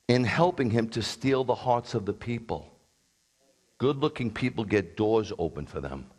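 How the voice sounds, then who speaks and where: A man who is a rabbi, preaching a sermon in a blunt, combative way with sarcastic asides. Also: low-pitched.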